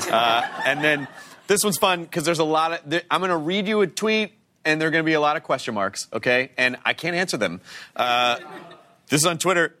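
A man's voice: fairly high pitch, expressive, a little fast, pushed and bright. A man hosting a television talk show, announcing segments and reading out viewer posts in a studio with a live audience.

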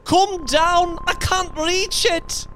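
A man voicing a frantic old mother in a horror story, crying out in high, strained, pleading tones. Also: steady tone, extremely slow, bright, forceful tone, slight background noise, full character voice.

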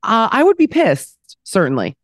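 A woman comedian guesting on a casual podcast, telling quick funny stories with comic asides. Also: fairly high pitch, huge pitch swings, dry recording, clean studio sound.

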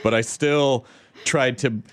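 A man from the American South hosting a casual chat, animated and quick to laugh. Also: medium pitch, no echo.

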